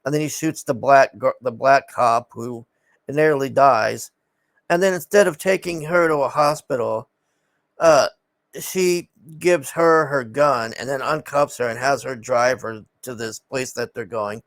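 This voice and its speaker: A man's voice: mid-range voice, a little slow, a bit bright, dry recording. A man casually recapping a film in a rambling, exasperated way, swearing often and sighing.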